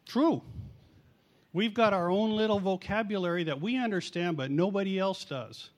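A man's voice: high-pitched, moderate pace. A middle-aged man preaching in a chatty storytelling way, mocking himself and acting out the quotes. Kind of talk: storytelling sermon.

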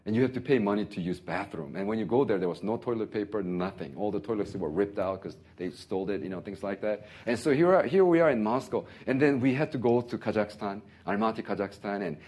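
Man, sermon, lively storytelling, low husky voice. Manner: animated storytelling with laughter. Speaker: pastor.

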